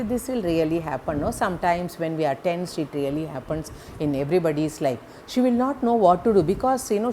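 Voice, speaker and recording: A woman's voice: fairly low pitch, a little mellow, slight background noise. A woman lecturer telling a moral story in a loose, conversational way. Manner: conversational, with many "you know" fillers. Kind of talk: storytelling lesson.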